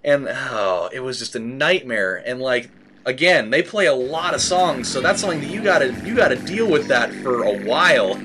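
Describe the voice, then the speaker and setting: A man giving casual gaming commentary. He rambles, swears, fills every pause with "like" and "dude", and shouts at the game when it goes wrong. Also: mid-range voice, animated, noisy background. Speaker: let's play host.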